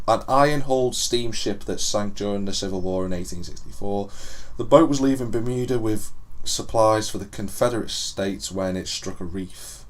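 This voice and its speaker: Lively low-voiced young man. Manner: banter, laughing often, reads out news. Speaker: podcast co-host. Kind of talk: casual chat.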